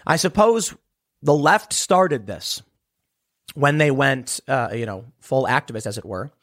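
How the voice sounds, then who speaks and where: A man's voice: mid-range voice, animated, a little slow, a bit bright. A man delivering a sarcastic political commentary monologue, emphatic and mocking his opponents.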